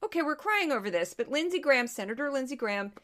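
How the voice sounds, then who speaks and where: A woman hosts a podcast, talking through news clips in a loose, sarcastic way. She trails off, restarts, and drifts into asides. Her voice sits a bit high. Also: very animated, fast, a bit bright. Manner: sarcastic, rambling, many restarts. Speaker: podcast host. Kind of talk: casual commentary on news clips.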